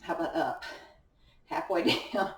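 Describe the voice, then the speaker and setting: A young woman leading a home workout class, giving encouraging cues while exercising along. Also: unhurried. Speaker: fitness instructor. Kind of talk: guided home workout instruction. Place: indoor room at home. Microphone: distant camera mic. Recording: echoey room, far from mic.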